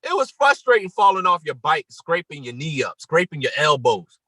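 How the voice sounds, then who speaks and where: A man giving an emphatic motivational talk on a morning call, repeating his points and rising to near-shouts. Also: on the high side, big pitch swings, normal speed, no echo, low-quality recording.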